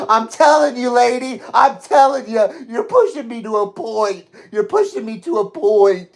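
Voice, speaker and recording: A man's voice: very high voice, moderate pace, hardly any pauses. A man vlogging, ranting in an agitated way and swearing as he addresses a critic directly. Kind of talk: angry livestream rant.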